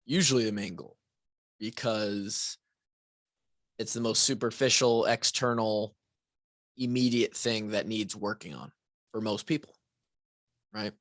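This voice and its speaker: A man's voice: lowish voice, measured pace, pauses often, a bit bright, no room sound. A man hosting a fitness podcast alone, talking casually with restarts, asides and frequent "right?", a bit tired. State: tired, yawning. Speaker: podcast host and fitness coach. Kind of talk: casual solo podcast talk.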